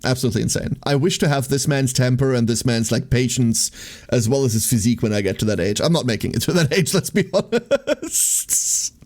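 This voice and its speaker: A man's voice: medium pitch, animated, brisk, darkish tone. A young man livestreaming, venting casually to his viewers in a rambling way, with lots of "like" and swearing.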